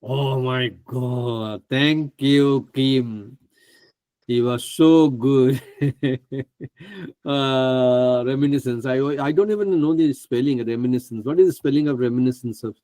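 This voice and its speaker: A man presenting a live online trading class, chatty and excitable, who laughs often and stumbles over names. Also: mid-range voice, slow, no room sound. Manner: stumbles over names, asks others to pronounce them.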